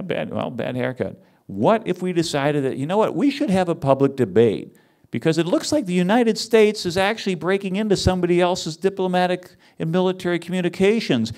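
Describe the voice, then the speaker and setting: A man giving a conference talk, wry and animated, teasing his audience as he speaks. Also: high voice. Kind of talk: lively lecture with audience banter.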